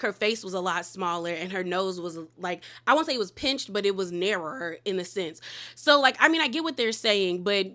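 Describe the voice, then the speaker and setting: A bright-voiced woman giving a casual, gossipy recap of a reality show. She talks in a chatty, animated way and slips into quick impressions of the people she describes. Her voice has a clear, bright edge. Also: medium pitch. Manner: chatty, animated retelling with quoted voices and laughs; uses "girl" and "okay?" asides.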